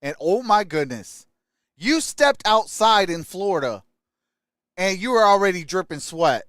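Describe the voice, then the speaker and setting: A man hosting a live stream, chatting casually and greeting viewers by name in an upbeat way. His voice sits high for a man and sounds smooth and clear. The sound is close and dry, with no room around it. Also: very animated, unhurried, a bit bright, dry recording. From Michigan. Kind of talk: casual live-stream chat reading comments.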